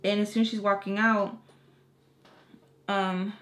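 A woman, a makeup artist and beauty vlogger, telling a casual story time with lively delivery, casual slang and the odd curse word. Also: mid-range voice, measured pace.

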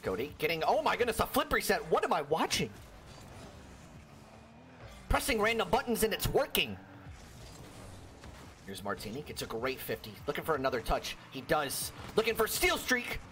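A young man giving solo play-by-play commentary on a video game match, excitable and jokey, with a worn-out voice. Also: fairly high pitch, normal speed, long pauses, a little hiss or hum. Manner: excitable, jokey, frequent exclamations. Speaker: esports caster.

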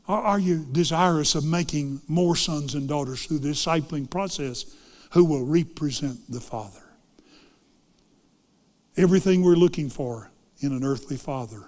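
A man preaching a sermon, swinging dramatically between loud fervent lines and hushed ones. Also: medium pitch, in a large hall.

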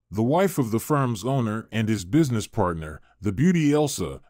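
A man reading a story aloud in a measured, even manner. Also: mid-range voice, no room sound, studio quality. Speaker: narrator. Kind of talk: scripted narration.

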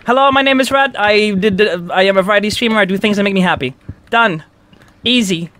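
A woman variety streamer guesting on a casual stream, giggly and animated, stumbling over quick restarts. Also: mid-range voice. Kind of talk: casual gaming stream chat.

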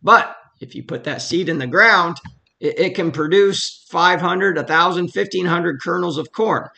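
Bright gravelly man teaching the Bible. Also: high voice, unhurried. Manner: conversational, explains then reads verses with emphasis. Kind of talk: casual verse-by-verse Bible teaching.

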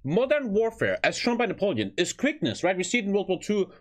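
A young man from Germany with a German accent, giving casual reaction commentary, excitable and swearing, often tacking on "man". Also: high-pitched, fast talker. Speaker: YouTube reactor.

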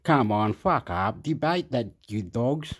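A man's voice: medium pitch, expressive, takes it slowly, slightly rough. A man giving rambling, crude commentary over a news clip, swearing often and slipping into Spanish. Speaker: video commentator.

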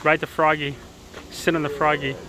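Out at a zoo, a parent vlogs the family trip, chatting with viewers and playfully cheering on a child. The voice is medium-pitched and level at a normal speed. Crowd noise from visitors fills the outdoor recording.

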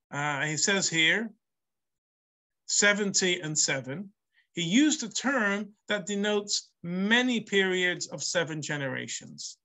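Slow, bright-voiced male rabbi. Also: high-pitched. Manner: reads the Hebrew aloud, then translates and explains. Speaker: rabbi teaching a class. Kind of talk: text study lesson.

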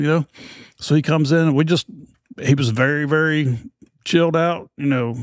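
A man's voice: a little high, normal speed, long pauses, no room sound, studio quality. A middle-aged American man, a podcast host being interviewed, telling a rambling, self-deprecating story and acting out the voices of others. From United States.

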